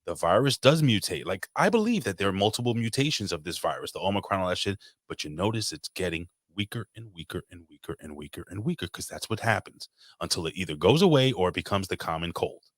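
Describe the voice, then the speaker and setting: A man from New York City with a very low, deep voice, ranting in casual podcast talk and swearing every few words. He works himself up as he goes, and his voice sounds dry and close. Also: sing-song, fast, no echo. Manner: profane ranting. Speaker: podcast co-host. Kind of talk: casual chat.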